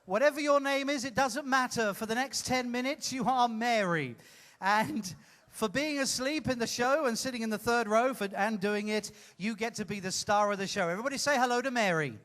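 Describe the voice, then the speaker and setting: A man hosting a live comedy show, teasing an audience member in a playful, loud way. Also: very high voice, brisk. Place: cruise ship theater stage.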